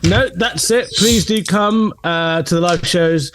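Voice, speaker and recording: A comedian co-hosting a podcast over a video call, animated and joking, swearing freely. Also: male voice, sits high, a little slow, slight background noise. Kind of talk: casual chat. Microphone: remote video call.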